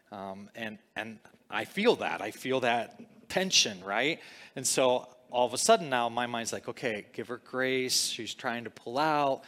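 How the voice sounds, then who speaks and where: A middle-aged man, a pastor, telling a personal story in a sermon, conversational and lively, now rising, now dropping to a low hush. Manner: storytelling, conversational, with lively swings in pitch and loudness.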